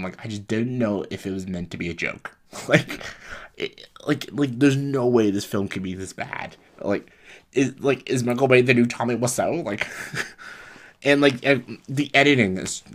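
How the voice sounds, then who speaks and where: A man's voice: on the low side, fairly bright tone. A young man giving a casual spoken film review, exasperated and laughing often, full of fillers and quoted disbelief. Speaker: movie reviewer.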